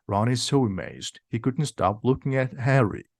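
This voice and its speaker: An audiobook reader reads a simplified storybook aloud at a moderate, steady pace, pronouncing his words clearly. His voice sits at a middle pitch, and the recording is dry and close.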